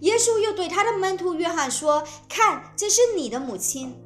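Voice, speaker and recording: A woman interpreting a sermon phrase by phrase with expressive phrasing. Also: very high-pitched, normal speed, reverberant, soft background music.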